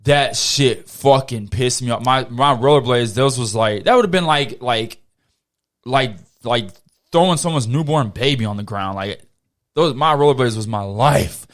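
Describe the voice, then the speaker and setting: A podcast host tells a story in a casual, animated way, swearing freely. His voice is medium-pitched at a moderate pace.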